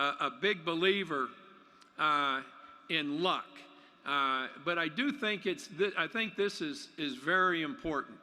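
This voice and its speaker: Folksy older man speaking slowly. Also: a little high, pushed and bright. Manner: folksy, plainspoken, with halting restarts. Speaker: commencement speaker. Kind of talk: commencement speech. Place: large indoor arena. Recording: long arena reverb.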